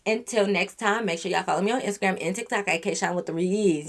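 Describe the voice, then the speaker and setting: A woman's voice: mid-range voice, fast. Blunt, swearing young woman venting. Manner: animated, blunt and profane, venting at the listener. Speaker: YouTube storyteller. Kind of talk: casual storytime rant.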